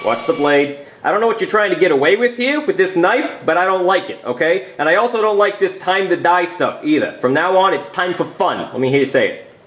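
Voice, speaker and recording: A man's voice: high-pitched, expressive, a little fast, fairly bright tone, echoey room. A man voicing a prim, family-friendly male police officer who stammers and fusses. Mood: fussy. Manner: stammering, fussy.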